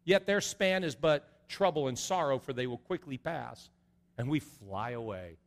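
A middle-aged man preaching an earnest sermon as a pastor, going from soft and low to loud and high. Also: expressive, a little slow, creaky. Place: large church sanctuary. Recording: long reverb of a large hall.

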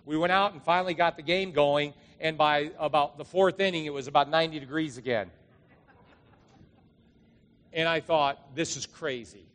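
A man's voice: fairly high pitch, steady tone, moderate pace, a bit bright, in a large hall. A man, a pastor giving a conversational, storytelling sermon to his congregation. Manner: conversational, storytelling, emphatic rises. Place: church.

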